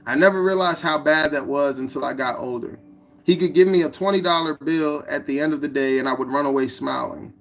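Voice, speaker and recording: A man narrating his own memoir as an audiobook, in a plain, steady reading. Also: fairly high pitch, fairly quick, vocal fry. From United States.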